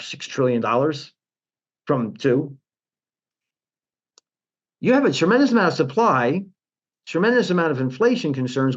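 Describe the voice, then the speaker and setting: A man speaking as a guest in a financial interview, animated and full of restarts, mocking other people in quotes. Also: a little high, dull audio. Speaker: guest, portfolio manager.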